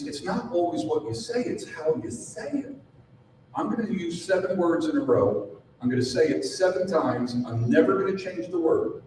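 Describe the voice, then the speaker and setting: A man speaking to a live seminar audience, punchy and animated, his voice jumping up and down in pitch. He is picked up from some way off in a very echoey room. There is clear background noise behind him. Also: distant mic. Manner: animated, punchy, rhetorical questions. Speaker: sales trainer and speaker.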